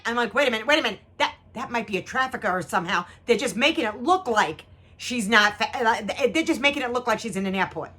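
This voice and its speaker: A woman's voice: a little high, animated, fast, pushed and bright. A woman telling a story as a mother, dramatic and acting out the voices of the people in it, speaking straight to the viewers. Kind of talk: animated storytelling chat. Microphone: two cameras.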